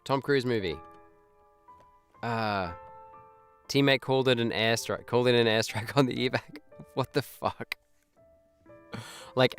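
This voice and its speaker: A man streaming live, reacting to clips with frequent swearing and laughter, tired and yawning. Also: mid-range voice. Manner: excitable, swears, laughs often. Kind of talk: casual live-stream chat.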